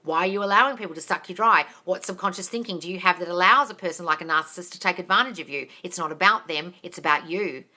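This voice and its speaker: A woman's voice: on the low side, quick pace, hardly any pauses. An Australian woman coaching viewers on a casual live stream, reading out their questions and answering bluntly, swearing freely and calling them darling. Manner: reads out viewer comments in a lively voice.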